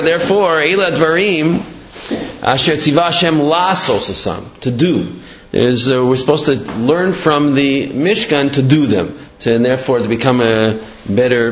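A man giving a Torah talk, halting and restarting as he explains and tells a parable. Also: mid-range voice, a little hiss or hum. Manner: halting, with many fillers and restarts. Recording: echoey room, dull lo-fi.

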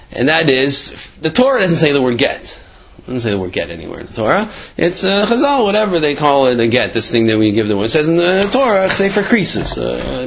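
A man's voice: mid-range voice, fairly bright tone. A man giving a casual Torah talk, telling stories and asking rhetorical questions with many fillers. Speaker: Torah teacher. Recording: dull lo-fi sound.

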